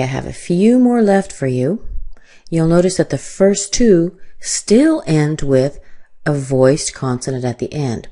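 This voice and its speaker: Slow, low-voiced American pronunciation teacher. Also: female voice, warm tone. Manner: models words slowly with stretched vowels. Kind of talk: slow, deliberate pronunciation lesson.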